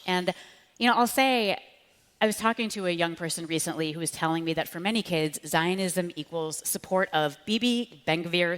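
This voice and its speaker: A woman author speaking with passion in an onstage conversation, animating her points by acting out the voices she quotes. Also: fairly low pitch. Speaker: author and speechwriter, guest. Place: large hall with live audience. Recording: long hall reverb.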